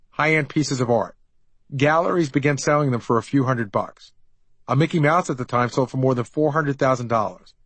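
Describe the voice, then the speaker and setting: A man's voice: medium pitch, a bit bright, dry recording, low-quality recording. A middle-aged man tells his own story in an easy, wry, conversational way, as if recounting it to a friend. His voice sits in a mid range. The studio sound is dry and close. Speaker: author narrating his memoir. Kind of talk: audiobook memoir narration.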